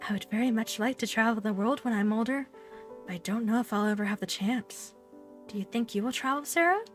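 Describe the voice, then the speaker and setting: A woman voicing a shy young schoolgirl who speaks hesitantly and softly. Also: a little high, brisk, soft background music, close to an everyday voice. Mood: curious. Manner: hesitant and soft-spoken.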